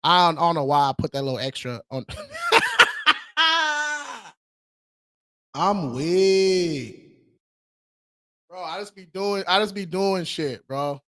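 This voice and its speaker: A man's voice: on the high side, fairly quick, few pauses, fairly bright tone, clean tone, no echo. A man hosting a casual livestream, talking in a slangy, hyped-up way and calling viewers bro. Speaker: credit repair livestream host.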